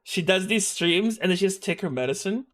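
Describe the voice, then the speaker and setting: A man's voice: sits high, fairly quick. A young man streaming live, joking around and chatting with his viewers as he reacts to a video. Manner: joking, animated, talks to chat.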